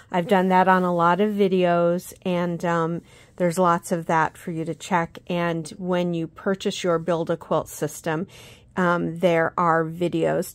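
Recorded at her sewing table with no echo, a quilting instructor hosts a relaxed tutorial on her channel. Her voice sits on the low side, and she chats along with frequent ums and corrections of herself.

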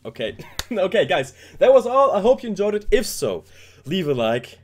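A man's voice: sits high, big pitch swings, moderate pace. A man giving casual reaction commentary, rambling and joking as he talks straight to his viewers. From Germany. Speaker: K-pop reaction YouTuber.

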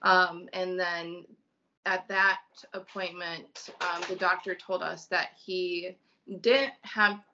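A woman from Illinois, a mother and podcast guest, telling a personal story slowly and haltingly with many ums. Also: fairly low pitch, fairly even intonation, bright, forceful tone, highs cut off, a little hiss or hum.

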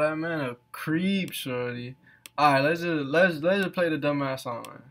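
A man's voice: fairly high pitch, normal speed, fairly bright tone, faint music behind. A man hosting a reaction video, mocking what he watches with heavy swearing and frequent laughter. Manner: profane, mocking, laughing often. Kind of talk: casual reaction commentary. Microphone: off camera voice-over.

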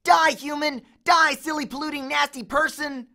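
A man voicing a frantic, game-obsessed young male satyr who shouts shrilly. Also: very high voice, fairly even intonation, moderate pace, gravelly, pitched above the performer's own voice, full character voice.

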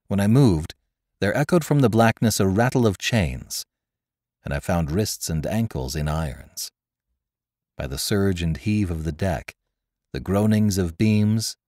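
Deep-voiced man narrating a tale. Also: no room sound, clean studio sound. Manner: dramatic storytelling, dropping low and quiet for dialogue. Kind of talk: scripted narration.

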